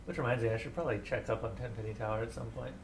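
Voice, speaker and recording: A young male streamer chatting casually over gameplay, rambling between topics and firing sarcastic remarks at the characters. His voice sits at a middle pitch, with faint noise underneath. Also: rapid-fire, gravelly. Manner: rambling, sarcastic, talks back to the game. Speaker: game streamer.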